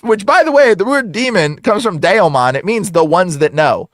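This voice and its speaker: A man, an exorcist guest, telling a story in casual, excitable slang full of "like" and "bro". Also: high voice, moderate pace, few pauses, no echo, clean studio sound.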